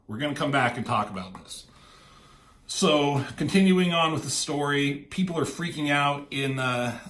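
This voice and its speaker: A man's voice: medium pitch, fairly bright tone, roomy sound. A man casually retelling a comic book story, slipping into quoted lines from the characters.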